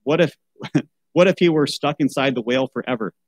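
A man's voice: medium pitch, brisk, dry recording, rough recording. A man reading a children's Bible story aloud, breaking off for wry asides and a rant about how such books should be chosen. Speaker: podcast host.

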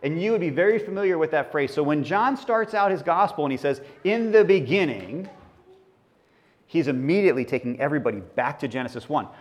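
A man's voice: on the high side, fast talker, few pauses. A male pastor preaching a sermon in a church, teaching through scripture in a conversational way and asking the congregation questions.

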